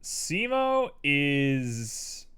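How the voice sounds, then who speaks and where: Slow-talking, lively male streamer. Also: a little high, clean tone. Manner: playful, talks to himself and his chat. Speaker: livestreamer and 3D artist. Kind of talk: casual live-stream commentary while working.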